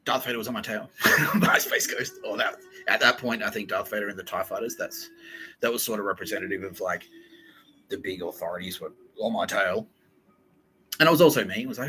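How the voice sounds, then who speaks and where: A man's voice: fairly low pitch, a little fast, background noise. A man hosting a podcast, telling a rambling, profane comic story with frequent laughs. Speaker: podcast host. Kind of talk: rambling comedic monologue.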